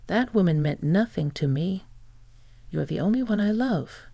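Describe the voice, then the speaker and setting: A text-to-speech reader voicing an older, callous father-in-law who turns to pleading, in a flat delivery. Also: high voice, normal speed, gravelly, no room sound, exaggerated voice.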